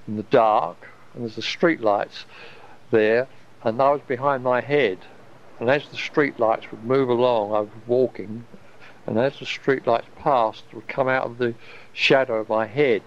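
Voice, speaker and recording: A man, telling a personal story in a rambling, wondering way, often restarting his sentences. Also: mid-range voice. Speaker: storyteller recalling an experience. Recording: dull lo-fi recording.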